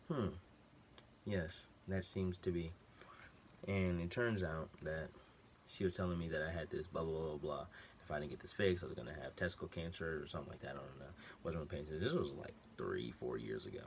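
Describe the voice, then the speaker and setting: Deep-voiced young man telling a story. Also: brisk, a little hiss or hum. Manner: animated slangy storytelling, acting out quotes. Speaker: vlogger. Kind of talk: casual storytelling.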